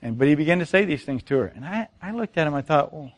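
A man's voice: fairly high pitch, animated, fast talker. A middle-aged man preaching a sermon, telling stories and asking the congregation rhetorical questions. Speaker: pastor.

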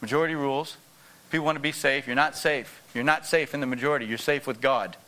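A man's voice: mid-range voice, steady tone, fast, sharp tone. A man preaching a sermon with emphatic repetition, often asking the congregation to answer back.

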